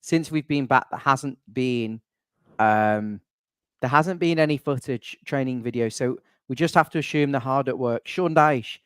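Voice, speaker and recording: A young man hosts a casual fan podcast, chatting in a loose, wry way and wandering off into asides. His pitch sits in the middle range. The voice is close and dry, with no room echo. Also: a little slow, a bit bright, smooth. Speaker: channel admin and host.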